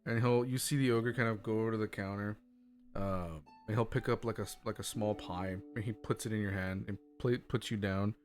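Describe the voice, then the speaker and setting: A man's voice: on the low side, steady tone, a little fast, soft background music. A man narrating as game master of a tabletop game, casual and loose, with lots of fillers. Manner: casual, laughing, with many fillers.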